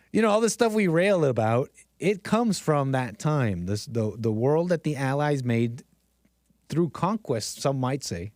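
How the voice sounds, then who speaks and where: A man's voice: mid-range voice, a little mellow, dry recording, clean studio sound. A man live-streaming a casual, rambling monologue, often laughing at himself and restarting his sentences. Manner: rambling, self-deprecating, frequent laughs and restarts.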